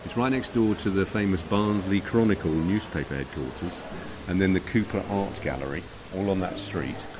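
A man's voice: deep voice, moderate pace, background noise. A man from the south of England co-hosting a walking podcast in a shopping arcade, explaining the route step by step. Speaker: podcast co-host. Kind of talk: casual walking chat.

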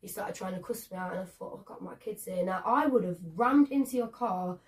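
A woman co-hosting a podcast, telling an animated story and acting out both sides of an argument. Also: mid-range voice, a little fast, far from the mic. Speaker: podcast co-host. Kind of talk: casual chat.

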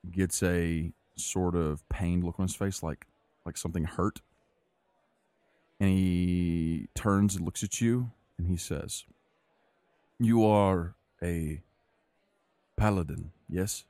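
A man with a deep, mellow voice, calmly narrating a tabletop adventure as game master. The recording is dry and close. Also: slow pace, clean tone, no echo.

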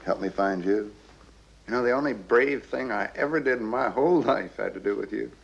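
A gravelly drunk coward, sly and bitter, rambling on about his past. The voice sits low and rough, and the old TV audio sounds dull and muffled. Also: brisk. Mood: drunk confiding. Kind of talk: TV drama acting.

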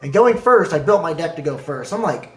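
Animated man telling a story in an echoey room. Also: fairly high pitch, brisk, faint music behind. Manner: animated, acts out quoted exchanges. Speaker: card game player recounting a tournament. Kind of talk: casual storytelling.

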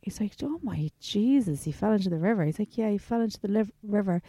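An Irish woman co-hosting a podcast, telling an animated story in casual chat and acting out the voices of the people in it. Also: mid-range voice, quick pace, dry recording. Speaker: podcast co-host.

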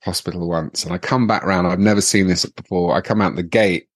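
A middle-aged Englishman with a deep, low voice tells a rambling story as a podcast guest. He laughs as he goes, trips over his words and starts again. The sound is close and dry, with no room around it. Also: a little fast, no echo. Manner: lively storyteller, laughs often, stumbles and restarts. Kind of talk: casual anecdote telling.

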